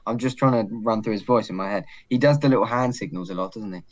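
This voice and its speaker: A young man hosting a casual podcast, teasing his co-host and joking, quick to laugh. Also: on the low side. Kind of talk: casual chat.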